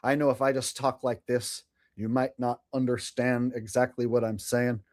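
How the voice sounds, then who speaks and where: A man's voice: medium pitch, flat delivery, normal speed, darkish tone, no room sound, clean studio sound. A man hosting a live stream, chatting casually and sarcastically, swearing freely and laughing at his own jokes.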